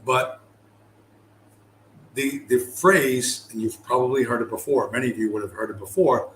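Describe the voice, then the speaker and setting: A man's voice: mid-range voice, moderate pace, pauses often, a bit bright, reverberant, a little hiss or hum, low-quality recording. Swearing, contemptuous man ranting. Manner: aggressive, contemptuous, swears heavily. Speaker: commentator. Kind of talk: profane ranting monologue.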